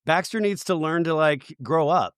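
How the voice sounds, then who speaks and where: A man hosting a casual pop culture podcast, his voice froggy from a head cold, animated and laughing often. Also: on the high side, normal speed, clean tone, no echo, clean studio sound. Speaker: podcast host.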